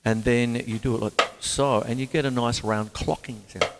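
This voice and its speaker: A man's voice: mid-range voice, fairly even intonation, moderate pace, big-room sound, heavy background noise. A man giving a casual drum lesson, chatting and scatting the beats aloud. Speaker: drum teacher. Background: drum kit playing.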